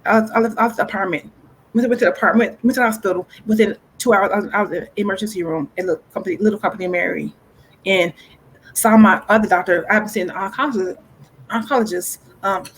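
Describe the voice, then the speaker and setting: A woman guest in a casual interview, earnestly telling a personal story with deep faith and often restarting her phrases. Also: quick pace, slight background noise, low-quality recording. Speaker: guest author.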